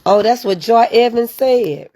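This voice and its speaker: A woman's voice: a little high, animated, unhurried, dark tone. A woman hosting a casual live stream, chatting straight to her viewers and answering their comments. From United States. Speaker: livestream host reading viewer comments.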